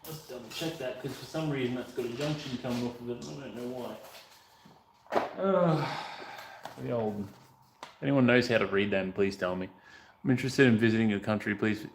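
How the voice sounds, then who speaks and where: A man's voice: medium pitch, normal speed, vocal fry. An Australian man from North Queensland, chatting casually and joking with rambling asides while working in his workshop. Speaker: motorcycle restoration vlogger. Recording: echoey room, faint background noise.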